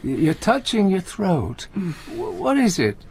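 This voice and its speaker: An actor playing a gentle, anxious older comedian in a radio play, talking in halting, stammering restarts. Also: male voice, sits high, huge pitch swings, full character voice. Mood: pleading. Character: aging male comedian, gentle, anxious, talkative. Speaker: visiting friend and comedy partner.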